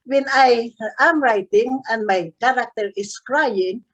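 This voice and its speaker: An older woman from the Philippines with a Filipino accent, speaking haltingly with many fillers as an author being interviewed. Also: fairly high pitch, rough recording. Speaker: author guest. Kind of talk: casual interview chat.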